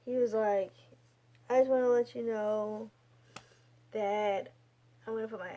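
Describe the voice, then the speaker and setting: Young woman vlogging, slow unhurried chat, rambly with lots of ums and restarts. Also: mid-range voice, mellow. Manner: chatty, rambling with many fillers and restarts. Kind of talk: casual storytelling.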